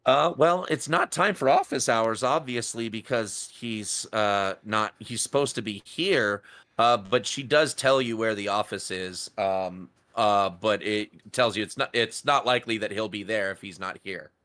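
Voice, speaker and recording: A man running a tabletop game as game master, narrating scenes in a relaxed way. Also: lowish voice, measured pace.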